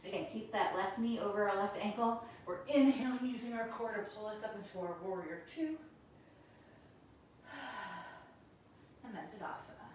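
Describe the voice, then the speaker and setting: A woman's voice: medium pitch, unhurried, long pauses, a little hiss or hum. Distant, echoey woman teaching yoga. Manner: calm, encouraging cues while doing the poses. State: a little out of breath. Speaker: yoga instructor. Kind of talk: guided yoga class instruction.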